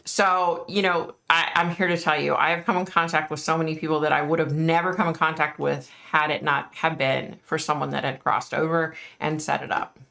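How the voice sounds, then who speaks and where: A woman's voice: sits low, flat delivery, a little fast, gravelly, hardly any pauses, sharp tone. A middle-aged woman, a psychic medium, hosting a casual live stream and chatting frankly with her viewers, full of "like" and "you know".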